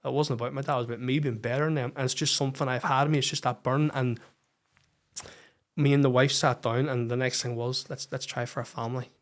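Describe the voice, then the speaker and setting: A man's voice: mid-range voice, fairly even intonation, fast. Candid, swearing Northern Irish man. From Northern Ireland. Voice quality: swears freely, frank and candid. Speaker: podcast guest. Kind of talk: personal storytelling in a podcast interview.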